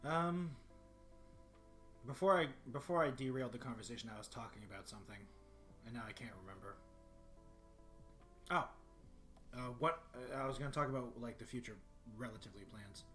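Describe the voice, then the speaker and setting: Deep-voiced man rambling on stream. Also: expressive, fairly quick, pauses often, a bit bright, faint music behind. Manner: rambling, clears throat often. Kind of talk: casual livestream chat. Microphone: desktop microphone.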